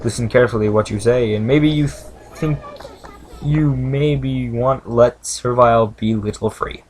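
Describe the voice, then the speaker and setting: A man voicing a rough, dirty male servile who speaks in choppy broken grammar. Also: medium pitch, steady tone, a little slow, darkish tone, slight background noise, natural voice. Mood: earnest.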